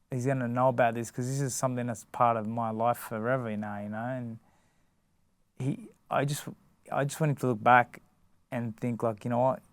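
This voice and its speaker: A man from Australia, a boxer, chats informally in an interview with a clean, medium-pitched voice and no echo. His delivery is halting, with frequent restarts and fillers such as "you know" and "like."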